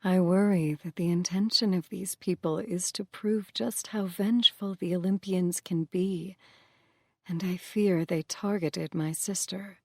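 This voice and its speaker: A woman voicing a gentle, shaken goddess who speaks softly and breathily. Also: lowish voice, fairly even intonation, unhurried, no room sound, studio quality. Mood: hushed. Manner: soft, breathy, hushed. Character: shaken gentle goddess, soft-spoken and uneasy.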